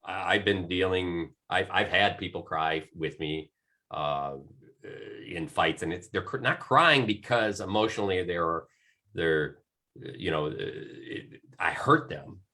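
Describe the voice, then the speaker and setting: A man with a low, forceful voice talks casually on a coaching panel. He rambles, restarting and filling his sentences as he goes. He sounds middle-aged. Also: takes it slowly. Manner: rambling, many restarts and fillers.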